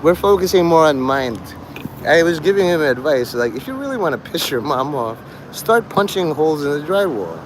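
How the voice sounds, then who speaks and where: A man's voice: fairly high pitch, sing-song, moderate pace, noisy background. A man rambling to his livestream chat, swearing, joking and laughing often.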